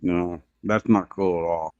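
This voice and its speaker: A man's voice: sits low, fairly even intonation, a little slow, a little mellow, no echo, lo-fi sound. A man talking casually on a stream, blunt and profane, giving strong opinions. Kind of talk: casual chat.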